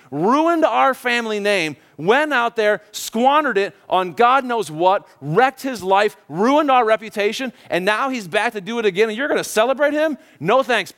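A preacher playing a bitter older brother, sarcastic, pitched up high, voice rising with each complaint. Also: male voice, sharp tone. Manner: sarcastic, scornful. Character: indignant older brother, a young man.

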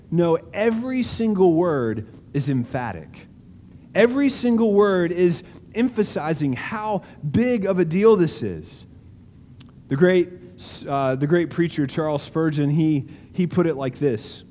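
A male pastor preaches in a large auditorium, leaning hard on key words and letting pauses hang. His voice sits a little high but sounds warm and mellow. A long hall reverb trails each phrase, with faint room ambience underneath. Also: big pitch swings, a little hiss or hum. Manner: emphatic, slow deliberate preaching with dramatic pauses. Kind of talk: sermon.

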